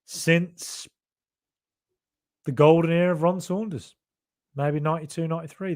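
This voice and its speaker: Chatty Brummie man, slightly high voice. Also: darkish tone. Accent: Birmingham (Brummie). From Birmingham, England. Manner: chatty and rambling, with many fillers and asides. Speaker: podcast host. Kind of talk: casual live-stream chat reading viewer comments.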